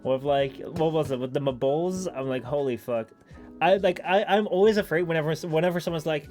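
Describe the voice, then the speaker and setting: A young Dutch-accented man chats loosely to a live stream audience, piling up "like" and breaking into laughs. His voice sits a little high for a man. Soft music plays faintly in the background. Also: brisk. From Netherlands. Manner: rambling, lots of "like", laughs often, sudden high squeaky bits.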